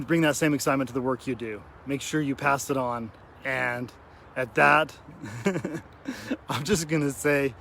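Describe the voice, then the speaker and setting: A man records a heartfelt vlog outdoors in a cemetery, addressing his viewers earnestly and becoming tearful at moments. His voice is medium-pitched and a bit bright, with a little hiss or hum underneath.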